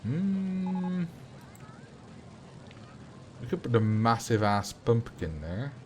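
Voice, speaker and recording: A man whose first language is Dutch chats loosely on a game livestream. He jokes and banters with viewers at a middle pitch. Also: very animated, very slow, a little hiss or hum. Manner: jokey, bantering with chat. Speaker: streamer. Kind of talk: casual livestream chat while playing.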